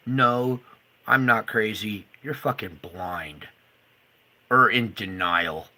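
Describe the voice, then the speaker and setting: A man ranting furiously to camera, swearing and swinging between loud outbursts and low muttering. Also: lively intonation, takes it slowly. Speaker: video creator. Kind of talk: angry monologue to camera.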